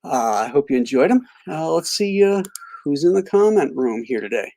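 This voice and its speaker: A middle-aged man hosting a live stream, telling a rambling story full of halting restarts and reading out chat greetings. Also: a little high, sing-song, warm tone. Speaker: livestream host.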